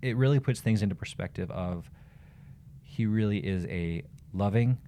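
A man co-hosting a church podcast, speaking calmly and soothingly about scripture and faith. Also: on the low side, slight background noise. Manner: calm, slow, soothing speech. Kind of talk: casual faith conversation. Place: small room at the church.

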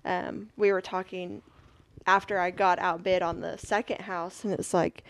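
A woman's voice: on the low side, level tone, moderate pace. A woman who works in real estate, chatting casually in a group and acting out her own thoughts. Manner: chatty, acts out quoted thoughts.

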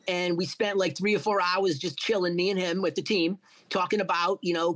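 A middle-aged man with a notably high-pitched voice spins a profane, animated story in a relaxed interview. He swears constantly and slips into the voices of the people he quotes. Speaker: guest, cannabis entrepreneur.

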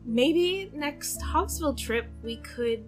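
A woman's voice: high-pitched, expressive, slow, faint music behind, voice pushed up. A woman voicing a shy, hopeful teenage schoolgirl who talks nervously and hesitantly.

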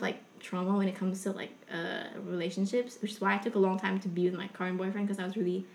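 A young woman telling a personal story in a casual, rambling way, full of fillers, with a soft confessional tone. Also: mid-range voice, echoey room.

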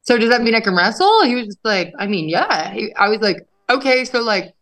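A woman's voice: fairly high pitch, very animated, fairly quick, a bit bright, low-quality recording. A woman professional wrestler as an interview guest, telling her story casually and animatedly, swearing often and acting out quotes. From England.

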